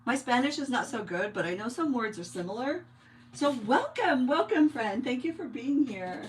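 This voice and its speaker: A woman's voice: high voice, big pitch swings, moderate pace, a little hiss or hum. A woman from New York hosting a live craft stream, chatting casually with viewers and greeting them by name while she works. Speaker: craft livestream host.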